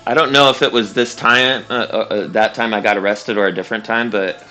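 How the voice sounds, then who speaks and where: A man's voice: on the low side, steady tone, fairly quick, sharp tone, soft background music. A young man streaming a game, telling a long story casually, rambling and swearing with lots of fillers and laughs. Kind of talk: casual storytelling while gaming.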